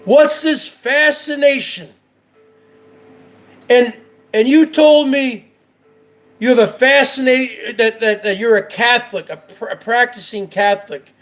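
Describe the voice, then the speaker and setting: A man's voice: extremely high pitch, unhurried, pauses often, fairly bright tone, soft background music. A man hosting his own show, ranting in heated, profane, repetitive commentary. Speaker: show host.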